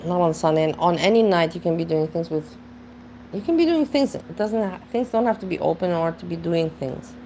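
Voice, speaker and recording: A woman's voice: on the low side, animated, a little fast, mellow, slight background noise. A woman hosting a reaction channel, musing and rambling in casual commentary. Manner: musing, rambling, chuckles at her own jokes.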